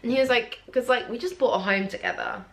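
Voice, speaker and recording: A young woman, casually telling a personal story to camera and acting out what people said. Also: fast. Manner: animated, acts out quotes in a jumpy high voice. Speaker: vlogger.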